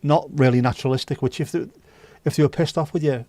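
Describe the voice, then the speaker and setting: A man's voice: a little high, steady tone, fast, mellow, no room sound. A man hosting a livestream, reading viewer comments aloud with sweary, jokey banter. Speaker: livestream host. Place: indoors.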